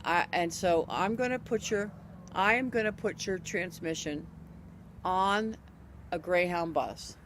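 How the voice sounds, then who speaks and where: A woman recounting a personal story in a relaxed, conversational way. She stays animated and acts out what others said as she goes. She often breaks off and restarts her sentences mid-thought. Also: lowish voice, unhurried, slight background noise. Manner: animated, acts out other people's quoted lines; frequent restarts and self-corrections. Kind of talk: casual spoken anecdote.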